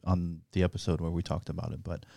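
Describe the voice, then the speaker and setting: A man's voice: low voice, little pitch movement, quick pace, vocal fry, mellow, no echo. A young man co-hosting a podcast, reflective and earnest, with casual swearing. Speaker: podcast co-host. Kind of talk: candid podcast chat.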